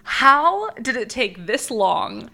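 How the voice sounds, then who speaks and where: A woman's voice: on the high side, very animated, slow, gravelly, pushed and bright. A woman co-hosting a podcast, teasing her co-hosts in casual chat. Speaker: podcast co-host.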